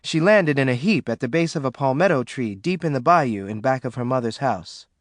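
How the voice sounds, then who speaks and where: A man giving steady, dramatic audiobook narration. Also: medium pitch, fairly quick, no room sound, studio quality.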